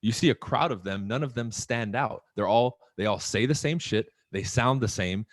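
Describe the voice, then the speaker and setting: A man in mid pitch talks on a podcast. He is animated and swears a lot, with rhetorical questions. His voice sounds close and dry. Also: normal speed, no echo. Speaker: podcast guest. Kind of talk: casual podcast chat.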